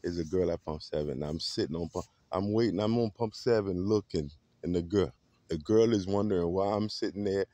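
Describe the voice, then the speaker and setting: A man vlogging a casual, animated story that he retells dramatically and that is full of acted quotes. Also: low-pitched, fairly quick, no room sound.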